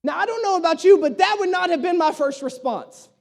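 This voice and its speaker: A man's voice: extremely high pitch, expressive, fairly quick, a little mellow. A male pastor preaching a sermon, telling a self-deprecating story with humor and acting out the dialogue. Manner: acts out dialogue in his stories.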